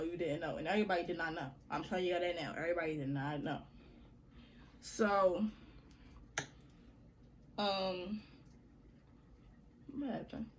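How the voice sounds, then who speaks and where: A woman's voice: lowish voice, a little hiss or hum. A young woman vlogger telling a story to her viewers in a chatty, slangy way, often calling them y'all.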